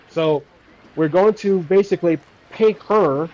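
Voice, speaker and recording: A man's voice: on the high side, animated, unhurried, mellow, a little hiss or hum. A man narrating his own solo tabletop game, thinking aloud and often restarting, on a dull lo-fi recording.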